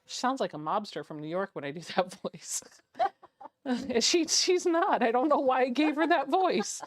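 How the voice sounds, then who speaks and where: A woman's voice: high voice, animated, moderate pace. A woman sewing vlogger chatting and laughing at herself while she works on a quilt. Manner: chatty, laughing, self-mocking. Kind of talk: casual chat while sewing.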